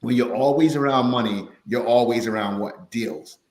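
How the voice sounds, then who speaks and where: A male podcast guest who teaches a finance course rambles through an animated story in a casual chat, repeating words along the way. His medium-pitched voice moves at a moderate pace, with slight background noise and a roomy echo.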